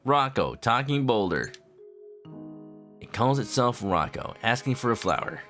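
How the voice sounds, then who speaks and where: A man's voice: mid-range voice, sing-song, a little slow, a bit bright, faint music behind. A man streaming a video game, chatting casually with rambling, joking asides. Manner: rambling, joking, self-interrupting. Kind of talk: casual live-stream commentary.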